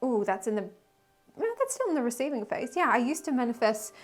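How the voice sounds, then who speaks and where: A woman giving a casual weekly tarot reading, emotional and rambling, with sighs and soft laughs. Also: on the high side, very animated, a little fast, soft background music. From Australia. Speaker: tarot reader and spiritual guide.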